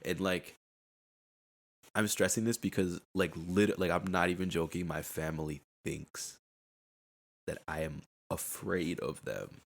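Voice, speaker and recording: A man's voice: sits low, fairly even intonation, a little slow, gravelly. A young man hosting a casual solo podcast, rambling in a laid-back way and laughing at himself. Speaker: podcast host. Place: at home.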